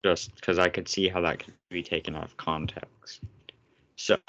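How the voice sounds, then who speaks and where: A man's voice: low-pitched, little pitch movement, normal speed, sharp tone. A young man hosting a casual podcast, ranting sarcastically and swearing often. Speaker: podcast host.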